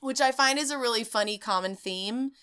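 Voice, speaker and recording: A woman hosting a podcast, recapping a ghost-hunting show in an animated, sarcastic way and swearing freely. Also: a little high, a little fast, smooth. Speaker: podcast host. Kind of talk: comedic storytelling recap.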